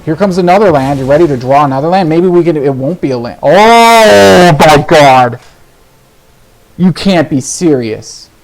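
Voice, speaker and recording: A man commentating his own card game, ranting in exasperation and swearing, swinging between low muttering and sudden shouts. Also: fast talker, few pauses. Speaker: gaming video host. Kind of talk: live gameplay commentary.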